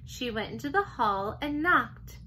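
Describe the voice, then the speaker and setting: A teacher reading a children's chapter book aloud, gentle and expressive. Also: female voice, on the high side, a little slow, slight background noise, rough recording. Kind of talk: storybook read-aloud.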